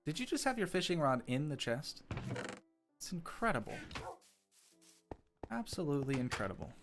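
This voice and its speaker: A man's voice: a little high, big pitch swings, normal speed, over music. Chatty young man streaming, under the weather. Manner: rambling and self-mocking, answering chat, clearing his throat. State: sick with a cold. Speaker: gaming streamer. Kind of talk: casual live-stream chat.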